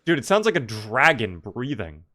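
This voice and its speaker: A man's voice: mid-range voice, very animated, moderate pace, sharp tone. A young man casually chatting through a live gameplay stream, reacting to the game and answering his chat.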